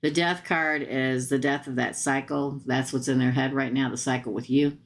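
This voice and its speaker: A woman reads tarot cards on a live stream, speaking directly to viewers in a casual, blunt style with slangy asides. Her voice is extremely low in pitch, with fairly even intonation and normal speed.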